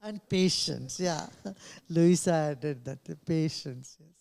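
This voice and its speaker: A man answering questions at a press conference in a slow, measured way, pausing often with small laughs. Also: a little high, vocal fry. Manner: slow, measured, with many pauses and soft laughs. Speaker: invited speaker. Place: press club conference room.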